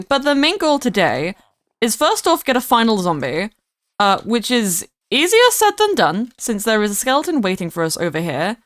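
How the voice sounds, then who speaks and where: A woman's voice: a little high, very animated, moderate pace, dry recording. A woman streaming herself playing a game, chatting and rambling casually as she greets viewers by name. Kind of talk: casual livestream gameplay chat.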